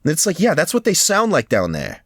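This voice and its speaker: A man co-hosting a laid-back podcast, his pitch swinging wildly as he jokes. He laughs often and drops into quick mock voices. The sound is dry and close to the mic. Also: wildly swooping pitch, fairly bright tone, no echo. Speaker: podcast co-host. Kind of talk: casual chat.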